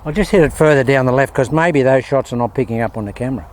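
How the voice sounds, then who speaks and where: A man's voice: medium pitch, fast talker, a little mellow. An Australian man giving a casual, upbeat golf lesson outdoors at a windy range, chatting to viewers as he hits shots. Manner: chatty, upbeat, keeps calling viewers "guys". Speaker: golf instructor. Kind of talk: casual on-course golf instruction.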